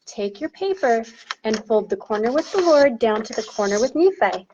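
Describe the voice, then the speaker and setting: A woman's voice: a little high, big pitch swings, moderate pace, darkish tone, lo-fi sound, slight background noise. A woman leading a children's song lesson in a sing-song teacher voice, demonstrating a paper-folding activity. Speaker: primary chorister.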